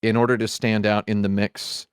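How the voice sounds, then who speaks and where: Wry opinionated man, low dry voice. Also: level tone, moderate pace, clear, resonant tone, no room sound. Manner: wry, opinionated, breaks into loud impressions. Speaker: podcast panelist. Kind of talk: casual chat.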